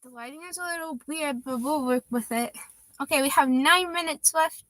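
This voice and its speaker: Young woman livestreamer, high voice, bright tone, dry close sound, chatty and laughing. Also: moderate pace, no echo. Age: 20s. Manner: chatty, laughs often, reads comments aloud. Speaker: livestreamer reading chat. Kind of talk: casual livestream chat.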